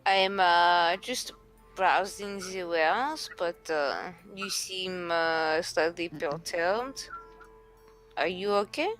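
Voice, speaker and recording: A woman playing a curious, courteous female adventurer in a tabletop game, speaking slowly with pauses. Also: fairly low pitch, fairly bright tone, soft background music, low-quality recording. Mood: concerned.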